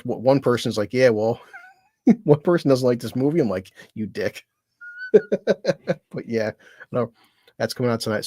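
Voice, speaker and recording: A man's voice: mid-range voice, darkish tone. A man chatting on his livestream in a mid-range voice, cursing freely and wandering from one point to the next. He laughs often, and the sound is dry and close with no room echo. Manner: profane, rambling, laughs often. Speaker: streamer. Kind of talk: casual livestream chat.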